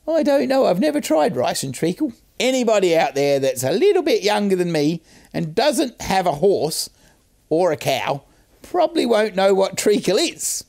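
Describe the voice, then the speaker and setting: Older guy telling a rhyme's backstory, gravelly and kinda high, pitch all over the place, jokey and salty. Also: big pitch swings, normal speed, darkish tone. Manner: chatty, self-mocking, salty language. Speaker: host. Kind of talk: casual storytelling explainer.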